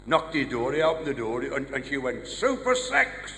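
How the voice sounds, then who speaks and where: A man's voice: mid-range voice, brisk. A man with a Black Country accent doing a live stand-up routine, firing off one-liners and short gag stories in a large venue. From English West Midlands. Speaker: stand-up comedian. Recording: live hall reverb, faint noise.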